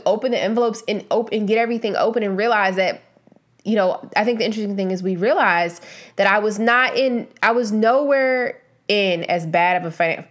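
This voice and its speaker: Earnest woman vlogger, money-mindset talk. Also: medium pitch. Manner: earnest and emphatic, frequent restarts and fillers. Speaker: vlogger giving money advice. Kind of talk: casual motivational talk to camera.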